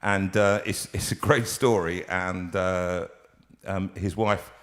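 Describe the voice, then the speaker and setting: A man's voice: sits low, fairly even intonation, takes it slowly, a bit bright. A man in his sixties hosting a casual live show from his home studio, jokey and rambling, with lots of ums and restarts. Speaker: host.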